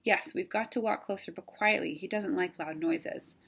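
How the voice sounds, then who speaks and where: A woman's voice: on the low side, moderate pace, vocal fry, fairly bright tone, breathy edge, exaggerated voice. A woman voicing a polite, helpful male crow in a storybook read-aloud, earnest in manner.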